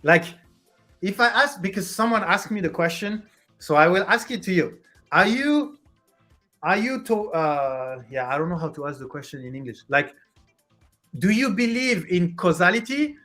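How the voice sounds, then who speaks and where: A host chatting casually with viewers on a livestream, halting and restarting while hunting for the right English word. The voice sits at a middling pitch, with soft music faintly underneath. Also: lively intonation. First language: French. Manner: hesitant, searches for English words, restarts a lot.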